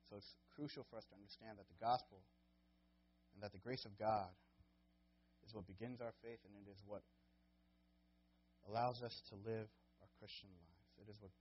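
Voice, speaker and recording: A man's voice: lowish voice, fairly even intonation, normal speed, long pauses, breathy edge, dull audio. A man preaching a sermon as a pastor, earnest and conversational, growing impassioned when he quotes and pleads.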